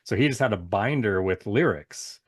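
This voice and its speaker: A man's voice: lowish voice, expressive, normal speed, no echo. Laid-back man hosting a chat, dry sound. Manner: enthusiastic, laughs often, retells stories. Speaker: podcast host. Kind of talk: casual chat.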